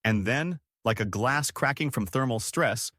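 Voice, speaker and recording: A young man narrating a horror story in a dramatic, expressive way. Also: medium pitch, a little slow, no room sound, clean studio sound. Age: young adult.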